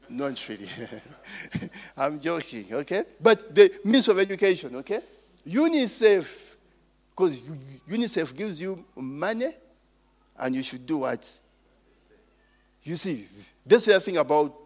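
A man preaching a sermon, calling out for responses from the congregation and cracking jokes in between. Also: fairly high pitch. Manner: call-and-response with the congregation, joking asides.

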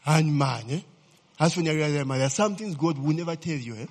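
Male pastor, lively sermon voice, slightly husky, long hall echo. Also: on the high side, fairly quick, pauses often. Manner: animated, asks the congregation to fill in words, frequent "eh?" tags. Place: church hall. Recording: long reverb of a church hall.

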